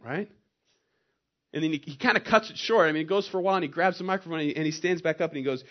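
A man's voice: fairly high pitch, expressive, quick pace, muffled recording. Man preaching in a conversational sermon. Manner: conversational storytelling with emphatic rises. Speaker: pastor.

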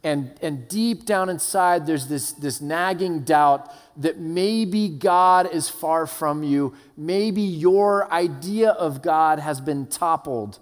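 A man delivering a sermon in an earnest, fervent way, his voice sitting a bit higher than most men's. His words ring out with a long reverb trail, as if spoken in a large hall. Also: slow pace, few pauses. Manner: earnest, building from hushed to fervent. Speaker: preacher.

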